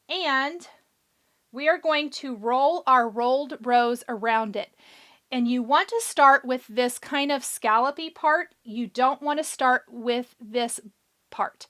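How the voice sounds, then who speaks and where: A woman with a high, bright voice hosts a live craft tutorial, talking through each step as she works and answering viewers as their comments come in. She sounds chatty and encouraging, and her voice is a little hoarse. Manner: chatty, encouraging, thinks aloud while working. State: a bit hoarse. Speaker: craft show host.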